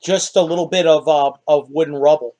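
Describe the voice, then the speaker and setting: A man with a fairly high voice runs a tabletop game as dungeon master. He narrates with vivid, animated description and answers players' questions. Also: brisk.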